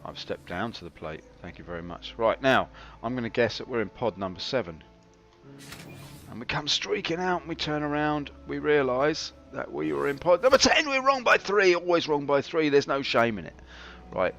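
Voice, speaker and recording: A man's voice: medium pitch, sing-song, normal speed, gravelly, fairly bright tone. Wry man streaming a game. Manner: wry, self-mocking, chatty. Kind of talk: casual live-stream commentary. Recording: slightly dull stream audio with faint game music.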